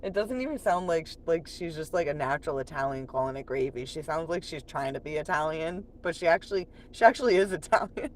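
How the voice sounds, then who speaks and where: A woman's voice: low-pitched, normal speed, long pauses, a little hiss or hum. A woman chatting on a late-night livestream from home, profane and laughing often while she reads chat aloud.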